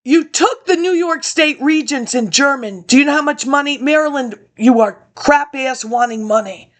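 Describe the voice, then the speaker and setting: Woman with a high voice going off on tangents, chatty asides, reads old notes then wanders off. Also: moderate pace. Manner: digressive, talks to absent people, frequent laughs and asides. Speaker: webinar presenter. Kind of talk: rambling spoken commentary.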